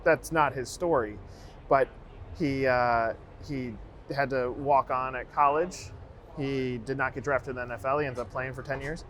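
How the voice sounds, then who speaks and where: A man's voice: mid-range voice, steady tone, normal speed, fairly bright tone, a little hiss or hum. A man hosting a long-form interview, offering brief encouraging affirmations and sharing stories. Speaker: interview host.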